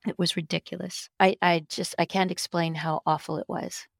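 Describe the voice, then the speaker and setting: A middle-aged woman telling a personal story as a podcast guest, emphatic and expressive, with sudden jumps in pitch. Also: normal speed, gravelly, dry recording, clean studio sound.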